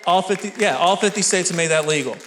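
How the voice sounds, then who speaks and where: A man in his thirties doing a stand-up comedy routine, telling energetic, self-deprecating stories on stage. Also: high-pitched, fast. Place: comedy stage with live audience. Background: faint audience laughter and room noise.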